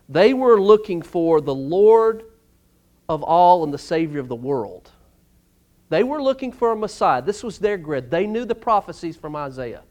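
Male pastor, high voice, emphatic sermon delivery in a church. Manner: emphatic, surges loud on key words. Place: church sanctuary.

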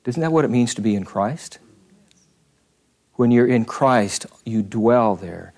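A man, a pastor, leading an interactive Bible study, animated and questioning the room, shifting his pace. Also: mid-range voice, takes it slowly.

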